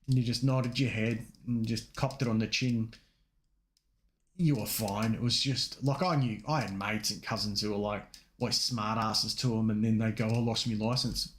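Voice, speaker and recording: A man's voice: on the low side, steady tone, normal speed. Australian man telling rambling stories. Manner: rambling anecdotes with quoted voices, casual swearing. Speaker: podcast co-host. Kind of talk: casual chat, storytelling.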